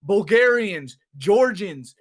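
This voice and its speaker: A man's voice: high-pitched, expressive, slow, breathy edge, no echo, studio quality. A man co-hosting a gaming podcast, chatting bluntly and swearing freely. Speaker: podcast co-host. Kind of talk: casual chat.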